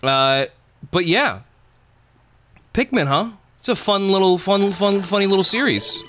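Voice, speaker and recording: Male streamer, casual game commentary, rambling and profane, bright tone, music faint behind. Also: high-pitched, measured pace, pauses often. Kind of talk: casual live gameplay commentary.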